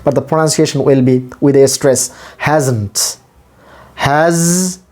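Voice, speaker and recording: A man gives an English pronunciation lesson in a slightly husky voice. He speaks very slowly and breaks each word into letters and sounds. Then he repeats the word again for his learners. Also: medium pitch, fairly even intonation, darkish tone. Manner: spells out letters and sounds step by step. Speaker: English teacher.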